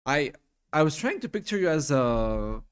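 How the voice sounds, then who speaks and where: Stammering young man, lively pitch, dry mic. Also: clear, resonant tone, no echo. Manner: halting, stammering, apologetic, tired late at night. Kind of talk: casual chat. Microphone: desk mic with noise suppression on voice call.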